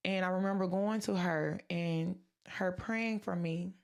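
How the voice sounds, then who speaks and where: Gravelly-voiced woman sharing a faith testimony. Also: fairly low pitch, fairly even intonation, measured pace. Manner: earnest and emotional, acting out her own past words. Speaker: podcast host.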